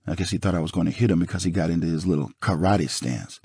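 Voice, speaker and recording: A man narrating an audiobook in the first person with a dramatic, expressive reading. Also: low voice, fast, slightly rough, no echo, clean studio sound.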